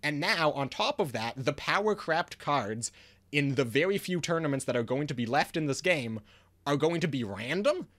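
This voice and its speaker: A man's voice: a little high, animated, moderate pace, a bit bright. A man giving a casual video review of a card game, ranting in frustration with lots of restarts and fillers.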